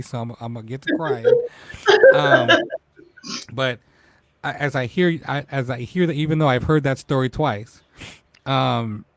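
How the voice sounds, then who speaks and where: Man in his forties, talk show host, tearful, emotional, medium pitch, dry room. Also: no echo. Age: 40s. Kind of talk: casual live-stream chat.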